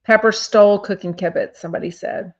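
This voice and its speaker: A woman's voice: mid-range voice, fairly even intonation, brisk, lo-fi sound. A woman from Texas with a drawl, hosting a casual podcast and reading viewer comments aloud, with lots of fillers. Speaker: podcast host.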